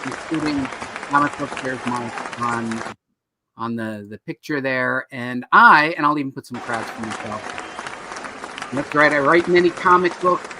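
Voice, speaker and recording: A man's voice: mid-range voice, unhurried, a crowd in the background, noisy background. A man hosting a live online talk show about comics, joking and teasing himself and his co-host. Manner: jokey, self-deprecating, upbeat.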